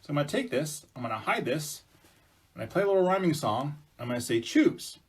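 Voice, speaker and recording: Creator figure voiced by a man, calm and explaining, a touch raised. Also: on the high side, brisk, slightly rough. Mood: patient. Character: male creator spirit, patient lawgiver.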